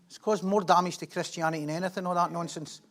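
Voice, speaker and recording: A middle-aged man preaches in a loose, conversational way, with a voice that sits noticeably high. He jokes at his own expense, tosses questions out to the congregation and slips between storytelling and reading Bible verses aloud. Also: fast. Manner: chatty, humorous, asks the congregation questions; animated storytelling, laughs at himself. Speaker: pastor.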